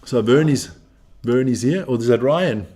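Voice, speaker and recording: A man's voice: mid-range voice, moderate pace, dark tone, a little hiss or hum. A man hosting a live stream as he watches a rugby match, joking, swearing and chatting with viewers and with people in the room. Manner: brash, profane, joking banter.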